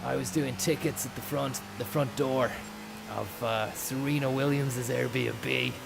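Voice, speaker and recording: A man, telling rambling deadpan comic stories full of swearing and trailing mumbles. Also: mid-range voice, a little slow, creaky, background noise. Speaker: comedian.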